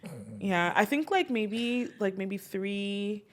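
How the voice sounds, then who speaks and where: A woman's voice: medium pitch, slow. A young woman co-hosting a podcast, talking casually and easily, often laughing and chiming in. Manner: relaxed, laughs and chimes in. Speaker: podcast co-host. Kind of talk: casual chat. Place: indoors, podcast recording.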